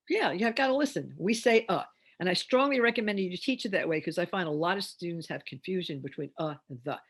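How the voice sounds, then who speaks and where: An older woman, a reading teacher, giving an instructional demonstration and sounding out phonemes slowly and deliberately. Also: on the low side, expressive, husky.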